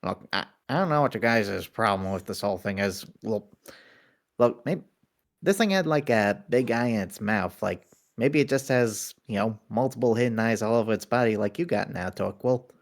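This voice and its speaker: A man's voice: lowish voice, a little fast, natural voice. A man playing a stubborn, easygoing adventurer who eats anything and defends it in a casual way. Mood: defensive.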